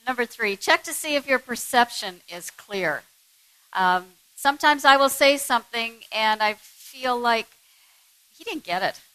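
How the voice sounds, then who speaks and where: A woman's voice: a little high, lively intonation, measured pace, bright, forceful tone, clean tone, dry recording, low-quality recording. A woman co-presenting a talk on marriage with her husband, earnest and candid.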